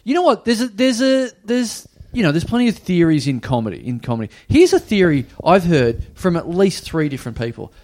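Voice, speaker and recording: Giggly stammering man, lively pitch. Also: fairly quick, hardly any pauses. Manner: excitable, stammering restarts, giggly. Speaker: podcast co-host. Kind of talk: casual comedy podcast banter.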